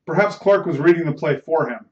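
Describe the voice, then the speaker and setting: A man reading a novel aloud as host of a bedtime reading show, measured and dramatic. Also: on the high side, lively intonation, a little mellow. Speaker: audiobook reader, host. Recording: roomy, slightly muffled recording.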